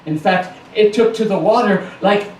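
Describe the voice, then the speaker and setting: A man's voice: sits high, moderate pace, a little hiss or hum. A man telling a folk tale live to a small audience, playful, with chatty asides. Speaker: storyteller. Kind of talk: live storytelling performance. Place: small house concert venue. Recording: roomy live recording from a distance.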